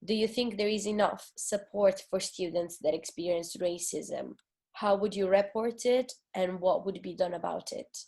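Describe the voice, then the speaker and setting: A woman moderating an online panel, polite and orderly as she reads out the last question. Her voice is mid-pitched. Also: normal speed, dark tone.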